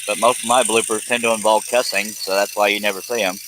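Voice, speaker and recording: A man's voice: on the low side, flat delivery, fast, noisy background. A man hosting a live stream, rambling and joking in casual chat as he reads viewer comments aloud.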